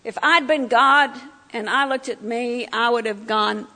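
Speaking at a fairly high pitch and a measured pace, with hardly any pauses, this middle-aged woman sounds pushed and bright. She's the guest speaker at a church breakfast, vividly recounting her testimony and playing out people's words, while the meeting hall lends a long reverb.

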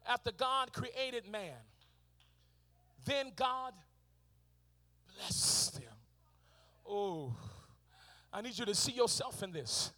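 A middle-aged man preaching a sermon in a church, shouting and half-singing his lines in call-and-response style, with frequent "uh" fillers. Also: very high voice. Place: church sanctuary.

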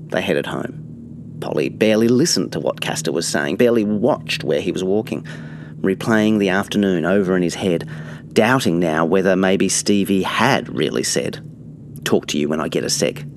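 A man reading aloud from his own novel in a measured, intimate way. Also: deep voice, creaky, background noise.

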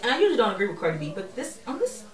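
A woman co-hosting a podcast in casual chat, talking in an animated, slangy way and laughing often. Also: medium pitch, racing, roomy sound, far from the mic, slight background noise. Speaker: podcast co-host.

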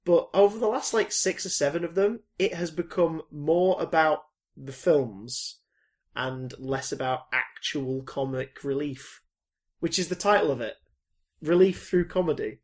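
A man co-hosts a casual podcast, his voice sitting a little high for a man. He rambles and swears freely, often rushing through his thoughts. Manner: rambling, sweary, quick bursts. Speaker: podcast co-host. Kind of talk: casual chat.

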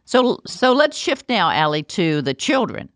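A woman's voice: medium pitch, sing-song, a little slow, dry recording. A woman interviewing a guest, asking questions and reflecting on the answers with enthusiasm.

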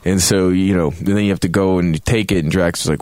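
A man with a low voice talks through a video game in a loose, rambling podcast review. He swears freely, laughs at his own asides and circles back on his points. The sound is dry and close, with no room around it. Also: steady tone, quick pace, few pauses, a little mellow, dry recording. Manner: rambling, profane, jokey asides. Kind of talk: casual spoken game review. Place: home, drinking a beer on a Saturday.

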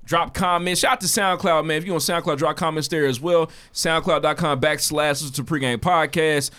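A man's voice: on the high side, fairly even intonation, fairly quick, pushed and bright, clean tone. A man co-hosting a casual podcast, hyped up and tacking "man" onto his sentences. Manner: hyped, keeps adding "man". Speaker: podcast co-host.

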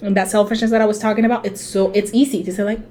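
Animated young woman telling stories. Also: mid-range voice, rapid-fire, a little hiss or hum. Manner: animated storyteller, swears, mimics her mother. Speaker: podcast co-host. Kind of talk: casual podcast chat.

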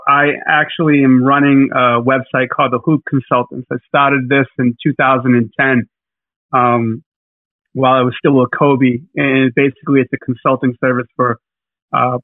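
A man's voice: mid-range voice, dry recording. A man co-hosting a casual podcast, talking in a rambling, hesitant way with lots of fillers. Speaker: podcast co-host. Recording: tinny phone-like line.

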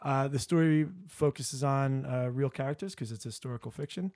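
A man's voice: medium pitch, normal speed, darkish tone, no room sound, clean studio sound. A man hosting a casual podcast chat, rambling with many restarts and fillers. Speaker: podcast host.

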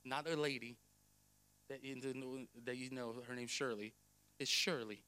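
A man pastor delivering a sermon in church, blunt and emphatic, swinging between soft passages and loud ones. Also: mid-range voice, steady tone, unhurried, clear, resonant tone. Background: faint music.

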